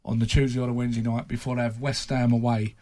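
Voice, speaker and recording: A man's voice: mid-range voice, little pitch movement, fast talker, darkish tone, no echo. A man, a football journalist, telling anecdotes in casual chat and laughing at his own impressions.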